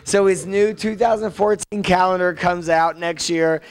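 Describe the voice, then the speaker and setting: A man's voice: high-pitched, fairly even intonation, normal speed, clean tone, low-quality recording. A young man as an interview guest, chatting casually with gossipy, blunt talk and free swearing.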